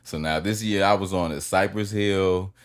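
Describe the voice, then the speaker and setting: A man's voice: sits low, fairly even intonation, moderate pace, clear, resonant tone. A man in his thirties, a podcast guest telling rambling anecdotes in a casual, profane way.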